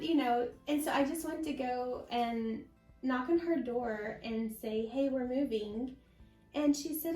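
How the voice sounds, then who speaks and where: A woman guest sharing a personal faith testimony in an interview, telling her story slowly and from the heart. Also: fairly high pitch, a little mellow, roomy sound, low-quality recording. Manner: slow, heartfelt storytelling with many pauses.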